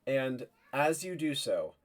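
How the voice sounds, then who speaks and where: A man narrating a tabletop role-play game as game master, with halting phrasing and the occasional acted line for the knights. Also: medium pitch, sing-song. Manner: halting narration with many fillers and restarts, acting out knights' lines.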